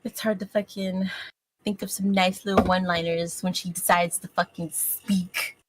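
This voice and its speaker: A woman's voice: lowish voice, flat delivery, normal speed, noisy background. A woman playing in a tabletop game, chatting in a casual, profane, unfiltered way. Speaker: player.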